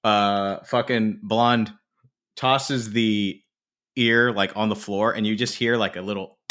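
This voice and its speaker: A man co-hosting a casual film podcast, retelling a movie scene in animated detail with plenty of swearing. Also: lowish voice, slow. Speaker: podcast co-host.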